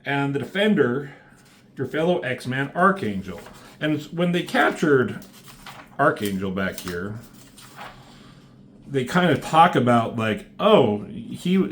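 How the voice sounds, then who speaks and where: A man casually recapping a comic issue, rambling and reading panels aloud with quick voiced quotes and casual swearing. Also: medium pitch, a little hiss or hum. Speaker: comic book reviewer.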